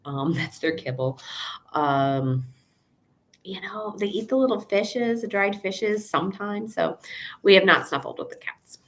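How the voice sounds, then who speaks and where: A woman's voice: medium pitch, lively intonation, a little slow. A woman veterinarian hosting a casual live Q&A, chatty and rambling, with asides and acted-out quotes. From Chicago area, USA.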